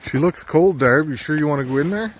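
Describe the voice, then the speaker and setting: A man's voice: fairly high pitch, fairly quick, a little hiss or hum. A man, chatting casually through a winter camping vlog at a snowy riverside campsite. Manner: laid-back, chatty, jokey. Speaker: vlogger.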